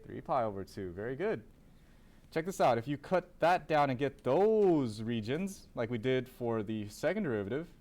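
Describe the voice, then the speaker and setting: A man's voice: mid-range voice, a little mellow. A man teaching a calculus class, asking students questions, then answering them himself and repeating key terms. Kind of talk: classroom lecture.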